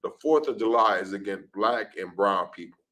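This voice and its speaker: A man's voice: on the low side, lively intonation, normal speed, a bit bright, rough recording. A man preaching in a street-talk class, emphatic and repetitive, often ending lines with "man". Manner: emphatic, repeats "man", acts out scenes. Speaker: class speaker.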